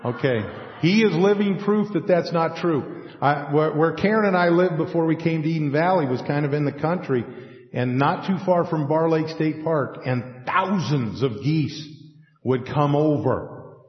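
A man preaching a sermon in an animated way, acting out scripture scenes with folksy asides. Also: a little high, measured pace. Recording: echoey hall, dull lo-fi sound.

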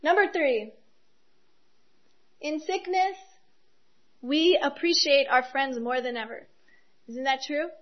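Woman preacher, high voice, earnest and personal, dull lo-fi recording. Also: slow pace, long pauses. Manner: earnest, personal, with soft laughs. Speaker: speaker giving a devotional talk. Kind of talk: sermon.

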